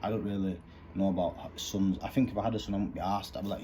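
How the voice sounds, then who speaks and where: A man's voice: low voice, fairly even intonation, fast, noisy background. A man, talking earnestly in rambling street slang about fatherhood. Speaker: vlogger. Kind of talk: candid monologue.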